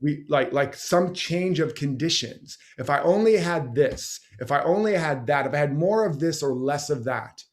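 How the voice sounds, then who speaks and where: A man's voice: a little high, animated, normal speed, few pauses. A man being interviewed as a guest teacher, talking passionately and rambling through stories and examples. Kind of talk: conversational interview.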